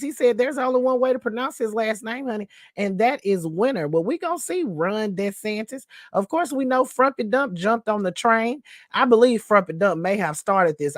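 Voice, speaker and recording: A woman's voice: fairly high pitch, animated, fairly quick, no echo, clean studio sound. Sassy woman hosting news commentary. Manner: sassy, calls listeners baby and honey, repeats a catchphrase; laughs between remarks.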